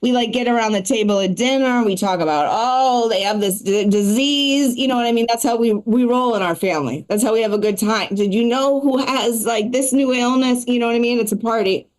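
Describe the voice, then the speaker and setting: A woman performing a stand-up comedy set and hosting a live show, talking in a quick, chatty way full of asides. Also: a little high.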